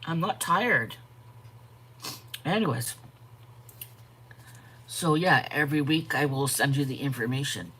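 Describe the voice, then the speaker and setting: A woman hosting a live art stream, chatting casually, greeting viewers by name and pausing to yawn and correct herself. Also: deep voice, expressive, fairly bright tone, husky. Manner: frequent yawns and self-corrections. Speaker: art channel host.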